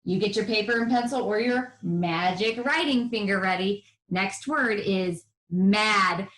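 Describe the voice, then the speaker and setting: On a televised first-grade lesson, a woman speaks a little slowly in a medium-pitched, slightly bright voice, encouraging young kids and sing-songing the sounds of letters. A roomy echo surrounds her.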